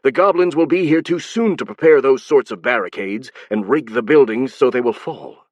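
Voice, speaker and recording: A weary, anxious nobleman, played by a male audiobook narrator, sarcastic and insistent. His voice stays close to the reader's own mid pitch, recorded dry. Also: moderate pace, dry recording, lightly acted. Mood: doubtful.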